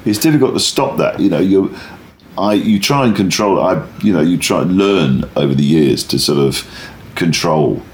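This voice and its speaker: A man with a low-pitched voice speaks at a normal pace in an echoey room, with slight background noise. He's a stand-up comedian telling a rambling anecdote during an interview, animated and often cutting himself off to restart his sentences.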